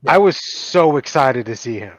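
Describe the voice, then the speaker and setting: A man's voice: mid-range voice, lively intonation, moderate pace, dry recording. A man co-hosting a casual movie review chat, with a dry, sarcastic way of talking. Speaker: co-host. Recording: dry, dull lo-fi sound.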